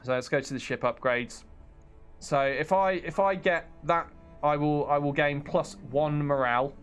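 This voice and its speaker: English male streamer, slightly high voice, chatty and self-mocking, faint music behind. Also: normal speed, clean tone. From England. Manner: chatty, self-deprecating, laughs often, reads chat aloud. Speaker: game streamer. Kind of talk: casual live-stream chat.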